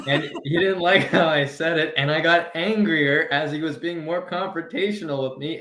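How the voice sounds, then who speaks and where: A man co-hosting a comedy podcast, telling heated, animated stories in casual chat. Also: a little high, moderate pace, echoey room, slight background noise. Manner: heated, animated storytelling with laughs. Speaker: podcast co-host.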